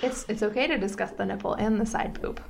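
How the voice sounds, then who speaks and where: A woman's voice: medium pitch, fast talker, gravelly. A young woman co-hosting a podcast, giving her opinions frankly and with energy. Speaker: podcast co-host. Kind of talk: casual chat.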